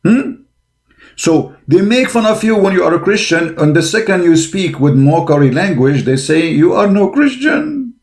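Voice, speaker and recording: A man's voice: on the high side, normal speed, few pauses, darkish tone. A man giving a combative religious monologue, blunt and scornful, speaking emphatic English with broken grammar. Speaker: religious polemic commentator.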